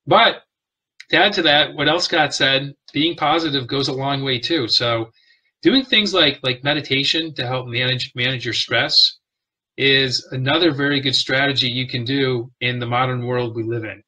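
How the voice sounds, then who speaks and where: Male host running an interview, steady, bright clear tone. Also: mid-range voice, moderate pace, low-quality recording. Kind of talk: interview hosting.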